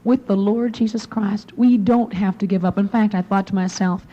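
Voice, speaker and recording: A young adult woman giving an earnest devotional talk to women, often dropping to a soft near-whisper for emphasis. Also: fairly high pitch, dull audio. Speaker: women's conference speaker.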